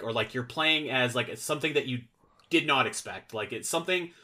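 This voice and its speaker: A man's voice: mid-range voice, a little fast, pushed and bright. A man chatting casually as a podcast guest, rambling and filling his sentences with "like" and restarts. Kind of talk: casual chat.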